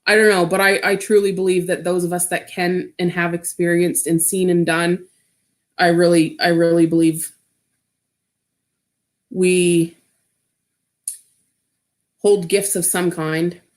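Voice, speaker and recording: Slow-talking woman rambling through a story. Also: lowish voice, flat delivery. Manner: rambling, full of "like" fillers. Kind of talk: casual personal storytelling.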